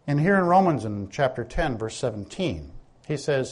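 Man, preacher, husky voice, lively rising and falling pitch, conversational, asks questions. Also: moderate pace. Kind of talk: sermon.

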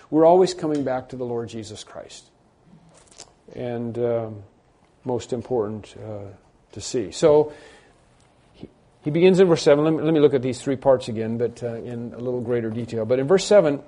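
A male pastor with a mellow, medium-pitched voice delivers an expository sermon at a moderate pace. His conversational style is full of fillers and restarts, breaking into emphatic bursts on key points.

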